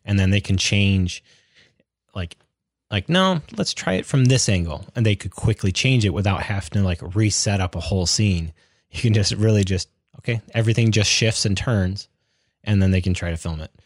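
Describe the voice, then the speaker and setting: A man's voice: low voice, fairly even intonation, moderate pace, dry recording, clean studio sound. A young man chatting casually as a podcast co-host, rambling with lots of fillers and restarts. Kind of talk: casual chat.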